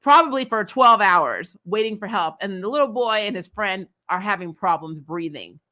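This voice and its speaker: A woman's voice: mid-range voice, animated, normal speed, pushed and bright. A woman casually recapping a TV episode, chatty and opinionated, often exasperated, with fillers and laughs. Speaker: host.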